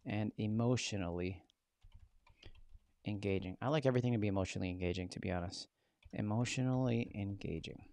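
Gravelly man hosting a casual live tutorial. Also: mid-range voice, dry recording, studio quality. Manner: casual, chatty, jokey asides to viewers. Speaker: host teaching a live session.

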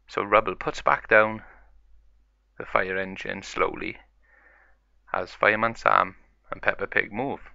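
A man's voice: lowish voice, moderate pace, gravelly, pushed and bright, no room sound, dull audio. A man casually narrating a toy-play story in rambling run-on sentences.

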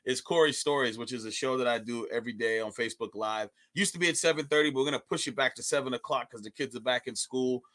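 A man's voice: mid-range voice, fast talker, few pauses. A young male stand-up comedian chatting loosely as an interview guest, often restarting his sentences. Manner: animated, loose, repeats words when starting sentences. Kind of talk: casual interview chat.

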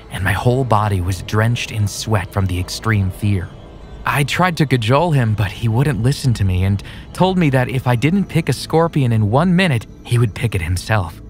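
A man narrating a first-person horror story in a steady, plain scripted read. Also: mid-range voice, normal speed. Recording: soft music underneath.

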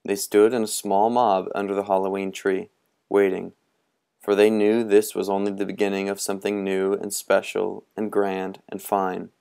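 A man reading a storybook aloud in steady, measured narration. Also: low-pitched, creaky, clean tone. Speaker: reader.

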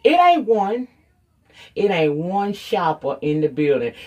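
A woman's voice: on the low side, sing-song, slow pace, a little mellow. A woman giving a casual, off-the-cuff recap of a TV episode, blunt and profane, acting out the characters' lines as she retells the story. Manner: blunt, profane, sassy commentary. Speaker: TV recap reviewer.

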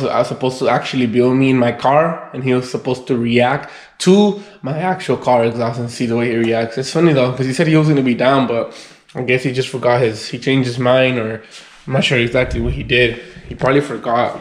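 A young man casually vlogging to camera, sleepy and yawning, rambling with restarts. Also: roomy sound. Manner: talking in a high coaxing voice to his dog.

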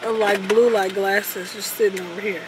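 Over heavy background noise, a young woman in her twenties vlogs casually from her car and later a store. She sounds bubbly, speaking at normal speed in a medium-pitched, steady tone.

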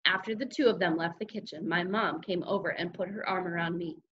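A woman teacher reading a children's chapter book aloud, animated and giving the characters their own voices. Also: on the low side, a little fast. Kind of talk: read-aloud storytelling. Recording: dull lo-fi recording with faint noise.

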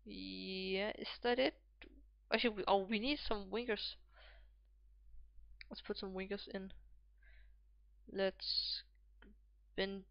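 A woman hosting a gameplay video, musing to herself and reeling off player names as the match runs. She speaks at an unhurried pace with a smooth, clean tone. The recording sounds dull and a bit lo-fi. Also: mid-range voice, fairly even intonation, dry recording. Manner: thinks aloud, calls out player names. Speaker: gaming video host. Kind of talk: casual game commentary.

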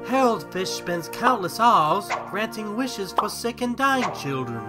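A man narrates an adult cartoon in a mock-solemn, storybook style, keeping a deadpan tone. His voice is slightly high. Clear instrumental music plays under him. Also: unhurried.

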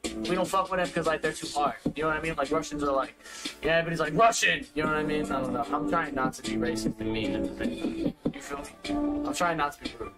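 Young man rapping over loud beats. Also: fairly high pitch, fast. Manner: loose, profane, animated banter. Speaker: streamer. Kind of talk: casual chat and freestyle rapping. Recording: loud music behind the voice.

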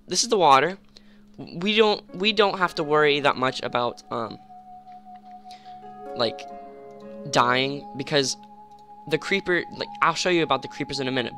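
Young guy doing game commentary at home, kinda high bright voice, jumpy, rambles a lot, faint music behind. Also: normal speed. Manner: excitable, jumpy, rambling with fillers. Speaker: gamer. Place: home room.

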